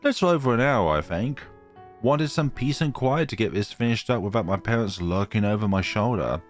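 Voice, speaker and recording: A man voicing a shy young woman from a visual novel, in a quiet, sheepish, dismissive manner. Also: fairly low pitch, expressive, normal speed, faint music behind, close to an everyday voice. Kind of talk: reading a visual novel aloud.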